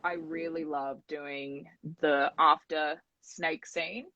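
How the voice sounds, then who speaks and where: A woman's voice: sits low, steady tone, slow, sharp tone, no echo, muffled recording. A young woman in casual chat on a phone livestream, talking enthusiastically and fondly. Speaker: actor in a live chat.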